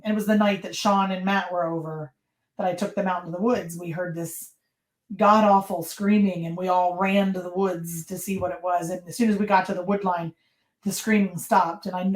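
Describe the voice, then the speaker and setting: A woman being interviewed on a podcast, telling her stories in a lively way and acting out what people said, often with a laugh. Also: on the low side, a little fast, roomy sound, low-quality recording. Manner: lively storyteller who acts out quotes and laughs often. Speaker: podcast guest. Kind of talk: casual interview storytelling.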